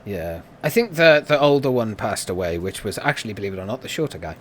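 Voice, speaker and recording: A man's voice: fast, a little hiss or hum. A man hosting a podcast on his live stream, chatting casually and laughing often. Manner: joking, laughs often, lively swings in pitch.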